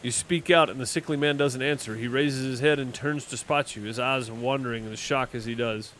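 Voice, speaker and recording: A man's voice: mid-range voice, fairly even intonation, moderate pace, fairly bright tone, slight background noise. A man hosting a let's play, reading game text aloud and commenting, self-deprecating and stumbling over words. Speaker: gaming channel host.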